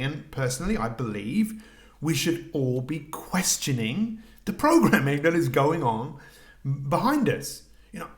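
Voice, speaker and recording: Man, middle-aged, coaching podcast host, reflective, questioning, mid pitch. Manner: reflective, asks the listener questions, frequent fillers and restarts. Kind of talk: solo podcast monologue.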